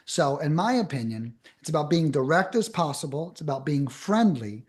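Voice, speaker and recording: A man on a podcast as a guest, giving blunt, emphatic advice in fast bursts with casual swearing. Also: a little high, very animated.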